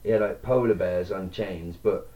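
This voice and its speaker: A man's voice: low voice, normal speed. A man co-hosting a casual podcast, sweary and jokey, reading out a countdown list. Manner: sweary, jokey, laughs often. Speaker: podcast co-host. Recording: distant mic, dull lo-fi sound.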